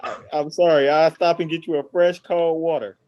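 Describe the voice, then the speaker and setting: A man's voice: on the high side, steady tone, normal speed. Apologetic young man, dull recording. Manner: apologetic, subdued. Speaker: defendant. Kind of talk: court hearing. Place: courtroom.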